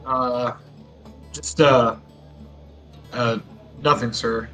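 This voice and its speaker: A man playing a tabletop game, answering in character with hesitant, quiet replies. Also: medium pitch, steady tone, very slow, soft background music. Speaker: player. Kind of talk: casual tabletop role-play.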